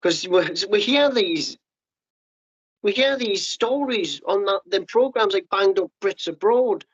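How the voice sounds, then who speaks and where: A former paratrooper, guesting on a podcast, tells candid stories in a high, lively voice with a breathy edge. He's blunt and sweary, restarts rapidly, and acts out quoted voices. The audio is muffled, lo-fi podcast sound.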